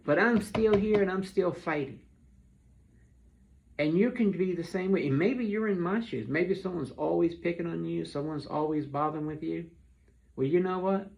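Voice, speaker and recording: A man's voice: fairly high pitch, vocal fry. A man talking straight to his viewers in an earnest, pleading monologue, often repeating and restarting his words. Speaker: vlogger. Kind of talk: earnest direct-to-camera monologue. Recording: dull lo-fi sound.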